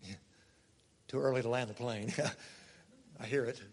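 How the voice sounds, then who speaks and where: A pastor delivering a conversational sermon, swinging between loud emphasis and soft, quiet asides. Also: male voice, mid-range voice, steady tone, a little slow. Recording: long hall reverb.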